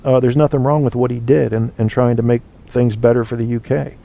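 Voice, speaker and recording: A mellow, dark-voiced man rambles through his opinions as he hosts a casual call-in show. He fills the gaps with ums and restarts and keeps things loose and chatty. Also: mid-range voice, level tone, a little fast, gravelly. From United States. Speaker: podcast host.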